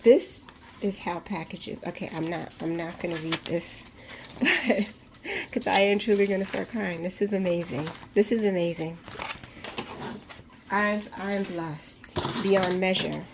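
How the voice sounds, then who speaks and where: Woman, casual unboxing vlog, slow unhurried speech, breathy gushing exclamations, home room with clear background noise. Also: on the low side. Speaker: vlogger.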